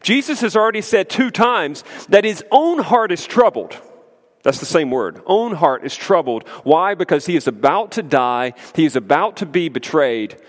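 A man preaching a sermon as pastor, emphatic and conversational, with lively asides to the congregation. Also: a little high, moderate pace. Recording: long hall reverb.

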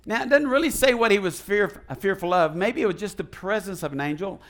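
Male pastor, fairly high voice, folksy and animated sermon delivery, questions tossed to the pews. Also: brisk. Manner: animated, asks the congregation questions and leads call and response; folksy, retells the story in his own casual words.

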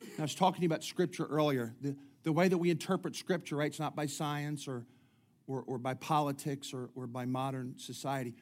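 A middle-aged man delivers a sermon in a conversational, joking way, often restarting his sentences. His voice sits a little high for a man. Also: fairly even intonation, fairly quick. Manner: conversational preaching with humorous asides and frequent restarts. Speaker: pastor.

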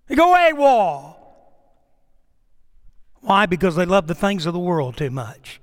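A middle-aged pastor with a strikingly high voice gives a sermon from the pulpit at an unhurried pace. His pitch swings hugely, from emphatic, rising declarations down to hushed, quiet lines, and a long reverb carries his words through the church sanctuary.

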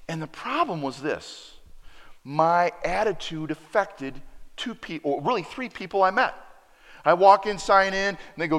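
Man, pastor, sermon, animated storytelling, lively swinging pitch, echoing hall. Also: moderate pace. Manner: animated storyteller acting out dialogue. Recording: preacher in a reverberant hall.

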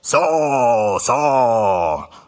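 A man voicing a booming, slow divine voice calling down from heaven. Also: very animated. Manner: slow, loud, echoing booms. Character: booming voice of Jesus from heaven, male.

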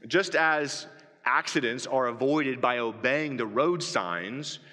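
A man's voice: mid-range voice, slow, pushed and bright. A man preaching a sermon to a congregation in a church, often asking rhetorical questions. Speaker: pastor. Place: church sanctuary. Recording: long reverb of a church hall.

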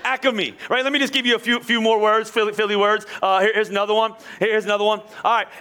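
A pastor from Pennsylvania, carrying a slight local accent, preaches energetically in a high-pitched voice and talks fast. He jokes with the congregation and often repeats words.

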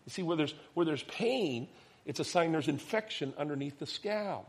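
A man in his thirties, a pastor preaching a sermon, telling a personal story and acting out the dialogue, dropping to soft, quiet tones at tender moments. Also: fairly high pitch, moderate pace, breathy edge. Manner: animated storyteller, acts out quoted dialogue, drops to soft tones.

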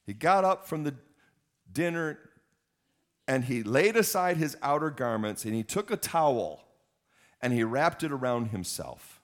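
A man's voice: mid-range voice, expressive, unhurried, long pauses. A man in his fifties, a pastor preaching a sermon, emphatic and repeating words for stress.

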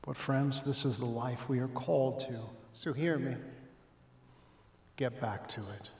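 A male pastor preaches slowly and deliberately to a congregation. His delivery drops to hushed asides and then rises to loud, emphatic exclamations. His voice carries through a roomy church with a long reverb tail. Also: mid-range voice. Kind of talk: sermon. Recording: echoey church hall.

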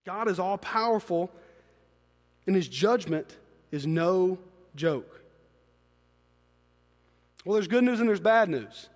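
A man delivers a sermon in a high, lifted voice. He swings from quiet, confiding asides to loud, emphatic peaks. His voice carries a long reverb through a large hall. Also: lively intonation, slow, pauses often. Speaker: pastor.

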